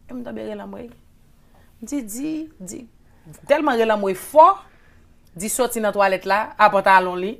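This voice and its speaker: A woman in her forties with a Haitian accent, a guest recounting a personal story with lively quoted dialogue, mixing Creole and English. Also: mid-range voice, gravelly. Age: 40s. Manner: switches between Creole and English, acts out quotes.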